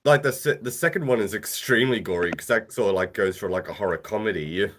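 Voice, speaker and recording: A man's voice: on the low side, fast, slight background noise. A young man with an Australian accent co-hosting a casual movie-watching podcast, making dry, wry remarks. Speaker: podcast co-host.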